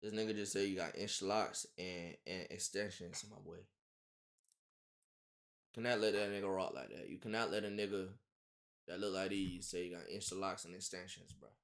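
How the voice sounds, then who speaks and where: A man's voice: deep voice, fairly even intonation, normal speed, a bit bright. A man chatting casually on a stream, joking and teasing his friend in slang.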